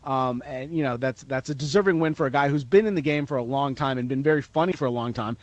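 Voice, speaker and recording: A man's voice: mid-range voice, fast talker, no room sound, highs cut off. A man reporting as an entertainment correspondent in a radio interview, chatty and laughing as he tells anecdotes.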